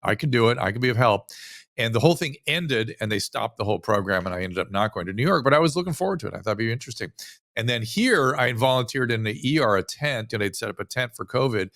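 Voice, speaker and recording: A physician from the United States speaking as an interview guest, telling a story animatedly with frequent restarts. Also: male voice, medium pitch, expressive, fast, fairly bright tone, no echo, studio quality. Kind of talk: casual interview conversation.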